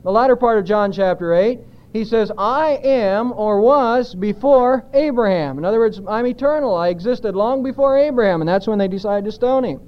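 A man's voice: high voice, quick pace, hardly any pauses, muffled recording. A man preaching an expository sermon as a pastor, speaking emphatically and putting rhetorical questions to the congregation.

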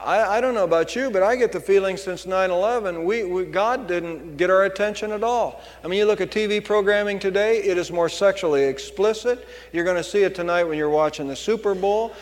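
A man's voice: high-pitched, a little fast, hardly any pauses, in a large hall. A man preaching a sermon as pastor, driving points home with emphatic repetition.

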